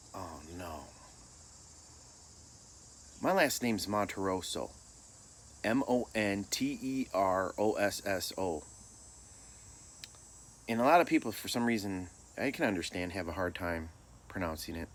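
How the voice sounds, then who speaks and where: Man, middle-aged, from Michigan, lowish voice, laid-back, self-deprecating, casual storytelling. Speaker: storyteller vlogger.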